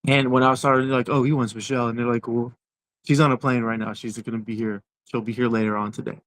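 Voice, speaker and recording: A man in his forties, an interview guest telling his personal story in a halting way, repeating words as he goes. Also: mid-range voice, steady tone, fairly bright tone, no room sound.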